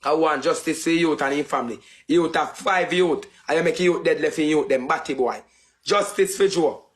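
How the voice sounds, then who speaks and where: A man speaking in a thick Jamaican Patois accent, his voice sitting a little high for a man. He rants on a live stream in a heated, taunting way and hammers the same phrases over and over. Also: brisk, breathy edge. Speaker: TikTok streamer. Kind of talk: angry insult rant on a live stream.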